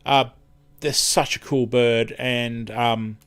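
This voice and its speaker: A chatty Australian man hosts a live stream in an easygoing, rambling way. His voice sits at an ordinary middle pitch, and his sentences often trail off and start over as he loses his words. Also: fairly even intonation, slow, a bit bright, clear, resonant tone. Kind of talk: casual live-stream chat.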